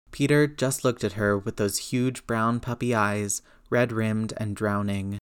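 A man narrating a story aloud in a steady, measured reading voice. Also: fairly low pitch, smooth.

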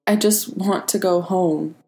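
A woman's voice: lowish voice, fairly even intonation, a little slow, darkish tone. A woman voicing a trapped teenage superhero boy who pleads breathlessly, close to tears. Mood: broken whisper. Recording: echoey room.

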